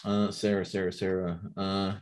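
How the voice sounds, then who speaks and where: Aussie guy with a super low voice, swears a lot, rambles on a live stream chat. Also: little pitch movement, moderate pace. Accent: Australian. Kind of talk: casual chat and joke telling.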